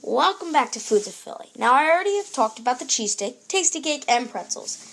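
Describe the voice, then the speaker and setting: A woman's voice: high-pitched, sing-song, fairly quick, a bit bright, faint music behind. A young woman presenting a scripted food show in an upbeat, read-aloud presenter tone.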